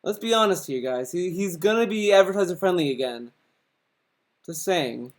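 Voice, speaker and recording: A man's voice: sits high, lively intonation, normal speed. A man giving reaction commentary in a sarcastic, profane, mocking manner.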